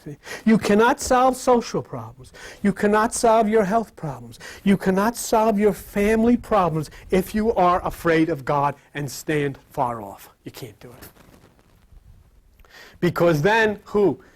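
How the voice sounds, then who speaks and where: A man delivers an informal sermon to a room of listeners, his pitch swinging widely as he talks. He chats with the crowd and slips in quick acted-out voices of the people he quotes. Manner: lively, conversational, acts out quoted voices. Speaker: spiritual teacher. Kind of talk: informal sermon to a live audience. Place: room with live audience.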